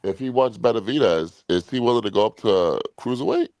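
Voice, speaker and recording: A man hosting a boxing podcast in casual chat, blunt and profane, talking in quick bursts. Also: on the low side, animated, a little mellow, dry recording.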